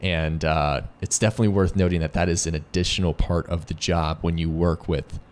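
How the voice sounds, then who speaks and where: Brisk and a little mellow, a low-voiced American man keeps his intonation fairly even while co-hosting a relaxed business discussion for a lending company. He chips in points, draws analogies, and often restarts what he's saying.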